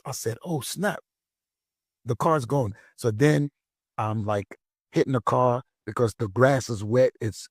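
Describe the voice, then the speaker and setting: A man's voice: mid-range voice, no echo, clean studio sound. A man, a pastor, telling a personal story in a casual conversation, acting out the voices of the people in it. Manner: animated storytelling, acts out voices.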